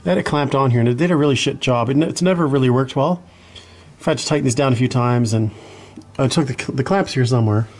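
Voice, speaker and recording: A man's voice: mid-range voice, fast, a little mellow, rough recording. A man doing a casual garage vlog as a home mechanic, blunt and self-deprecating, swearing now and then, out of breath at times.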